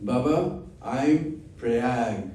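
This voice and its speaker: A man voicing a jovial, kingly river spirit in a hearty, drawn-out, sing-song manner. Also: medium pitch, dark tone. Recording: echoey room from far off.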